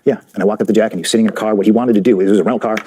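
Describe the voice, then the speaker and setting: A man with a low, dark, husky voice tells his side of a story in an interview. He races through it, blunt and profane, acting out the lines of everyone involved. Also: fairly even intonation. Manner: blunt, profane, rapid storytelling with quoted dialogue. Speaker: interview guest, wrestler.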